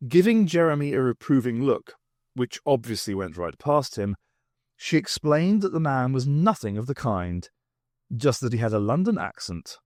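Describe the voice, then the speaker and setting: A man reading a novel aloud as an audiobook, with expressive storytelling. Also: medium pitch, normal speed, no room sound, studio quality. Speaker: audiobook reader.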